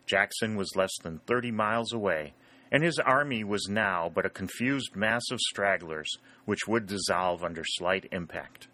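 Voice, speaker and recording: A man reading a historical novel aloud as audiobook narrator, in measured storytelling. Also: fairly low pitch, pushed and bright. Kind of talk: scripted narration.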